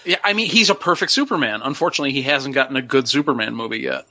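A man's voice: mid-range voice, very fast, bright, forceful tone. A man co-hosting a casual podcast, speaking earnestly and with enthusiasm. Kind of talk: casual chat.

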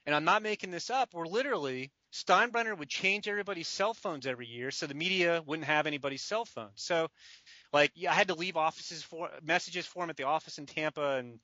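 A man casually telling a lively baseball story on a podcast, laughing often and playing out the phone calls. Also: fairly high pitch, a little fast, no room sound, muffled recording. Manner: animated storyteller, laughs often, does croaky voices. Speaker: baseball draft writer.

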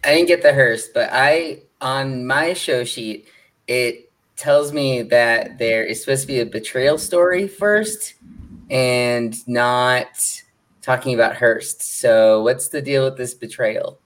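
A man's voice: medium pitch, slow pace, a bit bright, rough recording. A man co-hosting a casual podcast, asking dry questions. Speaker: podcast co-host. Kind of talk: casual chat.

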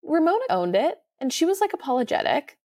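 A young woman co-hosting a podcast in casual chat, expressive and self-mocking. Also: high voice, a little fast. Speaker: podcast co-host.

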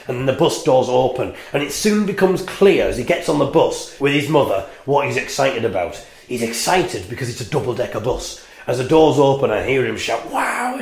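A man hosting his own podcast, telling a rambling story with wry, self-mocking humour. He records in a small toilet at a music venue. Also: medium pitch. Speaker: podcast host and band member. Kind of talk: casual storytelling monologue. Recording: echoey small toilet room.

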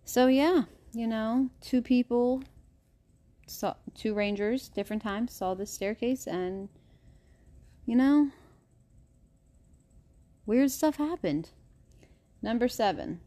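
A woman's voice: fairly high pitch, takes it slowly, long pauses, dark tone. Chatty woman hosting a podcast. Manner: chatty, stumbles over names, laughs easily. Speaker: podcast host. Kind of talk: casual podcast chat.

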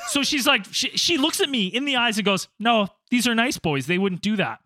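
A man with a high, bright voice tells a story to his friends in a lively, profane way. He shouts out the quoted lines. The sound is dry and close to the mic. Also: moderate pace, few pauses, no echo. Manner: animated, acts out quotes, swears a lot. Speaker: storyteller, former teacher abroad. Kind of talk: casual storytelling among friends.

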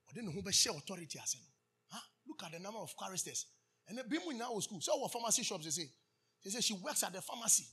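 Ghanaian male preacher, bright high husky voice, call-and-response sermon delivery. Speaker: pastor.

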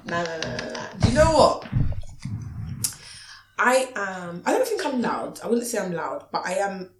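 A woman, loud and very expressive, laughing often as she chats. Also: mid-range voice, normal speed, reverberant, noisy background. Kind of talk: casual chat.

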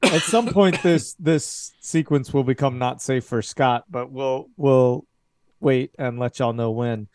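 Slow, deliberate male game master. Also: mid-range voice, darkish tone, a little hiss or hum. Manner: slow, deliberate scene narration. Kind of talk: narrating a tabletop horror game.

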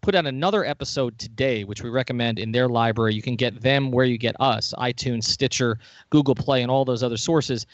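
A man hosting a casual sports podcast. He talks in a chatty, enthusiastic way at a middle pitch. The sound is dry and slightly muffled. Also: fairly quick, no echo. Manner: chatty, enthusiastic, laughs often. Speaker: podcast host.

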